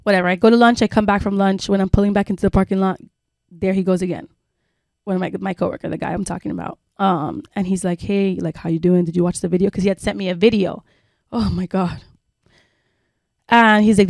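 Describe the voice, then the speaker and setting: A woman's voice: medium pitch, a little mellow, no room sound, clean studio sound. A woman co-hosting a podcast, telling a long personal story in a rambling casual way, full of fillers and swearing. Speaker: podcast co-host. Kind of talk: casual chat.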